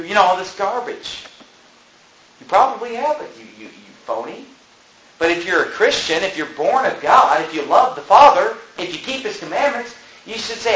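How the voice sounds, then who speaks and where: A man's voice: fairly high pitch, animated, normal speed, fairly bright tone, dull audio, slight background noise. A man preaching a sermon as pastor, fervent and emphatic, hammering points home by repeating them. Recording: roomy echo.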